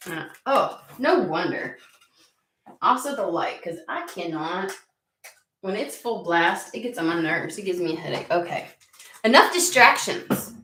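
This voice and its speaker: Woman tarot reader, rambling and casual, slightly low voice, roomy echo. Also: expressive, a little slow, a bit bright, a little hiss or hum. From United States. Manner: chatty, easily sidetracked, swears casually. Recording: echoey room.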